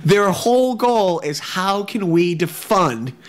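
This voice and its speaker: Halting male podcast co-host. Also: high voice, lively intonation. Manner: halting, many restarts and fillers. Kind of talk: casual chat. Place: echoey room at home.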